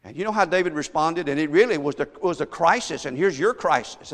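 A man preaching in a large hall, his voice carrying a long reverb. He tells a story with a lively, swooping delivery, dropping to near-whispered asides and then rising to loud, high-pitched emphasis. His voice sits a little high for a man. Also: fairly quick, few pauses. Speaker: pastor. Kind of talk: sermon.

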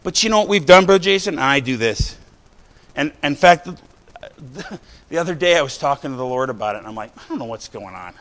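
Man preaching, casual sermon, fairly high voice, bright and forceful tone, lots of "right?" asides. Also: lively intonation, fairly quick. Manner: conversational, rising to shouts of emphasis; frequent "right?" and "you know" asides to the congregation.

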